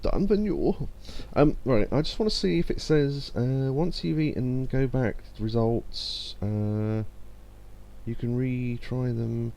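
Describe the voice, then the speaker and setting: A man with a gravelly, mellow mid-range voice talks slowly and fairly evenly during a casual let's play stream. Chatty and self-deprecating, he reads viewers' chat messages out loud.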